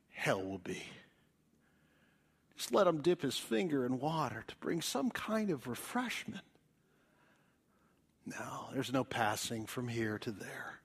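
Slow, dramatic male preacher. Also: mid-range voice, very animated, breathy edge. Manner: dramatic, swings from loud appeals to hushed whispers. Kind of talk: evangelistic sermon. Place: church.

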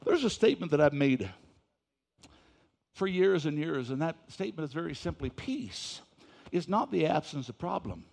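A man preaching a sermon in church, reading scripture slowly and switching between soft folksy asides and loud emphatic points. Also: fairly high pitch, big pitch swings, creaky. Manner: reads scripture slowly with stress; folksy, talks straight to the congregation. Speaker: pastor.

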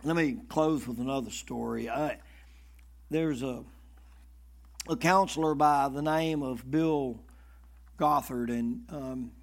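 A male preacher telling stories in a sermon, animated and swinging between loud and hushed, often stammering and repeating words. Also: medium pitch, takes it slowly, vocal fry, pauses often. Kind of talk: sermon storytelling.

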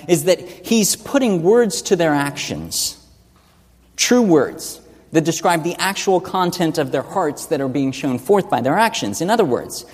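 A man preaching an expository sermon, teaching earnestly and asking rhetorical questions. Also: a little high. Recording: long reverb of a large hall.

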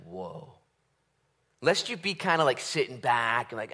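Male pastor, lively sermon voice, bright tone, swings loud to hushed. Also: mid-range voice, measured pace.

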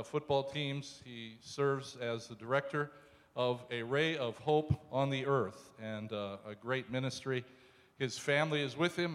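A man, a pastor, introducing a guest speaker in a halting, hesitant way. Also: mid-range voice, a bit bright. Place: church. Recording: church with long reverb. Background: congregation.

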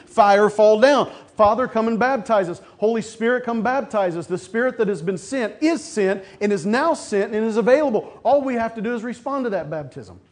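A man preaching a sermon as pastor, asking his congregation questions and answering them, building to loud emphasis and then dropping soft. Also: high voice.

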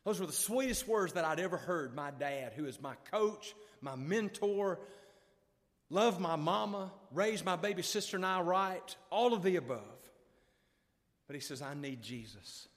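Preacher, high voice, echoey church. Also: male voice, animated, moderate pace. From Alabama. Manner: emotional storytelling, swinging from loud to hushed. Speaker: revival preacher. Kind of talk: revival sermon storytelling. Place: church sanctuary.

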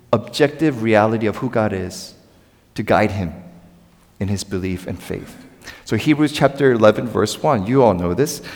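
A man preaching a sermon in a church, conversational and animated, calling on the congregation to answer back. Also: medium pitch, in a large hall. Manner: animated, conversational preaching with audience call-and-response. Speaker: pastor. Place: church sanctuary.

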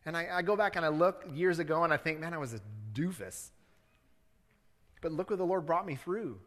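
A man with a slightly high voice delivers a sermon in a church sanctuary. He preaches in a relaxed, conversational way and pushes into earnest appeals. The sound carries a long hall reverb. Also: fast. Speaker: pastor.

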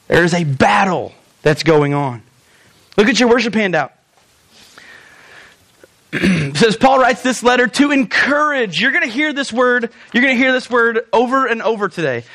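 A man preaching a sermon as pastor, joking with the congregation and acting out pleading quotes. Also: sits high. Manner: animated, jokey, acts out pleading quotes.

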